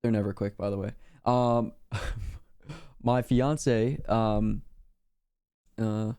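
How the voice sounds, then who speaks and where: A man's voice: lowish voice, fairly even intonation, drawn-out words, warm tone, clear, resonant tone. A young man streaming casually, rambling in a laid-back slangy way with lots of fillers. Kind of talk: casual reaction chat.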